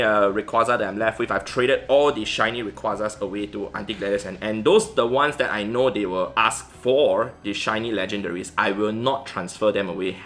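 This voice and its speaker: A man's voice: on the low side, sharp tone. A man vlogging casually about his game collection, rambling with many fillers and restarts. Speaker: Pokemon GO vlogger. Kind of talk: casual commentary over gameplay.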